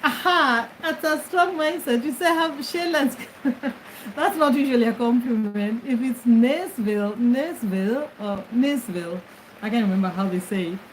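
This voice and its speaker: A middle-aged woman with a slightly high voice talks casually into her phone from her bed. She chats with commenters one by one and laughs easily. A faint background hiss sits under her voice. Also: moderate pace, rough recording. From Kenya. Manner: chatty, greets commenters, laughs often. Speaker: livestream host. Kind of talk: casual livestream chat. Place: bedroom, lying on her bed.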